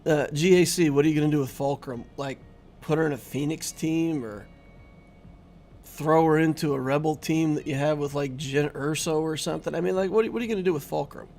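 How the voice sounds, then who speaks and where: A man's voice: a little high, a little fast, darkish tone. A middle-aged man hosting a gaming channel, chatting casually and easily with his viewers while he streams. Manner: chatty and easygoing, talking to viewers. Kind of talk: casual live-stream commentary.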